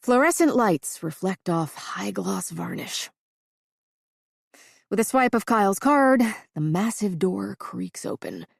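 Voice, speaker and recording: A woman narrating a first-person audiobook in a measured, even reading. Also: medium pitch, vocal fry, slightly rough, no room sound, studio quality.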